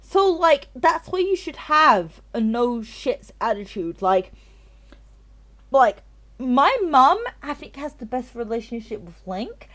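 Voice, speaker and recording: Her voice sits high and fairly bright, very animated yet slow. On a live game stream, this tipsy woman chats and goes on long rants, profane and rambling, saying the same things again.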